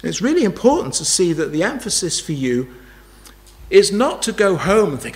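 A man's voice: sits high, big pitch swings, normal speed, a little mellow. A man preaching a sermon, emphatic, repeating key phrases and asking rhetorical questions.

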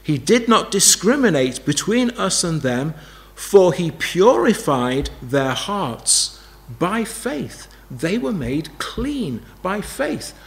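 A man's voice: high-pitched, sing-song, slow, gravelly. A man preaching a sermon, emphatic, repeating key phrases and asking rhetorical questions.

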